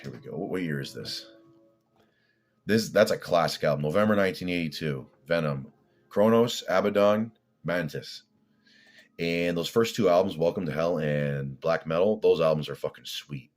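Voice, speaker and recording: A man with an extremely deep voice talks in a loose, rambling vlog monologue. He is blunt and profane, wandering from one thought to the next with plenty of filler. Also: normal speed. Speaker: fitness vlogger.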